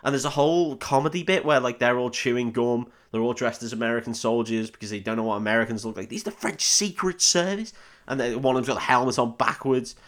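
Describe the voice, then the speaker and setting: Casting: male podcast co-host, mid-pitched, loose and rambling recap delivery, casual swearing, laughs while acting out lines. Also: fast talker, a bit bright. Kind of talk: casual film recap chat.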